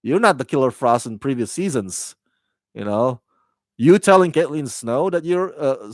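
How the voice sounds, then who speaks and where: A man's voice: medium pitch, animated, moderate pace, no room sound. A man hosting a casual spoken TV review, talking in a rambling, chatty way with fillers and self-corrections. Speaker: TV review host.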